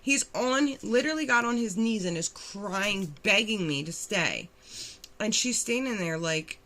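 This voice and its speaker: A young woman telling her own recovery story in a blunt, animated way, acting out quotes and swearing freely. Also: mid-range voice, a little slow. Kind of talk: candid storytelling.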